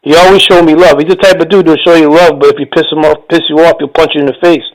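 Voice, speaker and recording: A man's voice: fairly high pitch, steady tone, fast talker, poor audio. A man hosting a radio show, chatting in a laid-back, slangy way with a caller and laughing along. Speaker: radio host. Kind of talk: casual radio phone interview.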